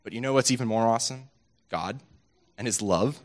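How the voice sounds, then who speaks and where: A man's voice: medium pitch, brisk. A man giving a short, earnest devotional talk and introducing the next speaker. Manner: earnest and enthusiastic. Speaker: lay speaker introducing the preacher.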